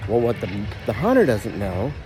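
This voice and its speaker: A man spins a long joke outdoors, his pitch swinging widely as he builds it up. Music plays clearly behind him. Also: huge pitch swings, moderate pace. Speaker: joke teller. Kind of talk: telling a joke.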